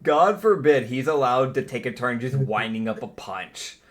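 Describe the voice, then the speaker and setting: A man's voice: medium pitch, animated, moderate pace. A man joking casually as a player in a tabletop game, swearing and laughing.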